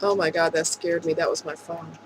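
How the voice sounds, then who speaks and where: A woman speaking earnestly and emotionally in a rambling vlog monologue, with soft laughs. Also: low-pitched, little pitch movement, a little fast, background noise. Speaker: vlogger.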